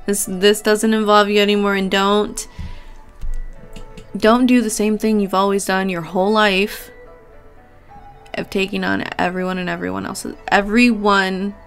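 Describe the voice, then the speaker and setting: A woman's voice: medium pitch, level tone, measured pace, pauses often, soft background music. A woman giving a casual pick-a-card tarot reading, chatty and affectionate, with casual swearing. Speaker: tarot reader.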